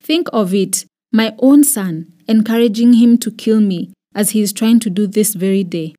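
Kenyan woman reading a raging suspicious king, shouted, high-pitched, mellow timbre. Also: moderate pace, natural voice. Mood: furious, accusing. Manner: loud accusing shouts.

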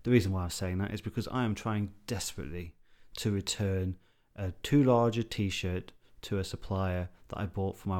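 A man co-hosting a casual podcast, wry and self-deprecating as he chats. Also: on the low side. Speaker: podcast co-host.

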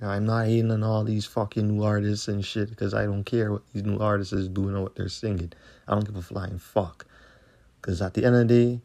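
A man hosts a podcast and delivers a profane, confrontational solo rant, repeatedly using tag questions. His voice is lowish, creaky and dark in tone.

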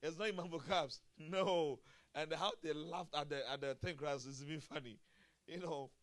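A male pastor with a fairly high pitch preaches a sermon at a church service at a moderate pace. He chuckles often, swinging from quiet murmurs to loud exclamations.

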